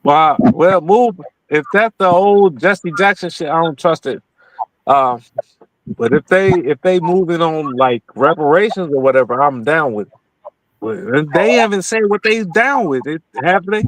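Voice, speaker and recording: A man with a slightly high voice co-hosts a podcast at a measured pace, chatting casually in a blunt, slangy way and laughing a lot. The recording is dry and the audio quality is poor.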